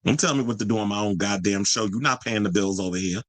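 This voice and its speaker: A man's voice: lowish voice, fast, no echo, low-quality recording. A man hosting a commentary livestream, talking bluntly and combatively to his viewers, heavy with profanity and answering chat comments. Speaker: host of a pop culture commentary channel.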